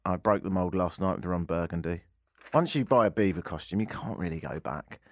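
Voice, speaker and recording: A man's voice: sits low, fairly quick, no room sound. A man hosting a comedic talk radio show, telling rambling self-deprecating anecdotes on a studio mic. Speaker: radio host. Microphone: studio microphone.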